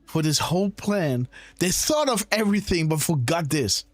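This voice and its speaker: A man's voice: on the high side, expressive, normal speed, faint music behind. A man hosting a live political commentary show, talking insistently in rhetorical questions and often turning to his audience. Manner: insistent, rhetorical, keeps saying "guys" and "right?". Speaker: host of a live decode show.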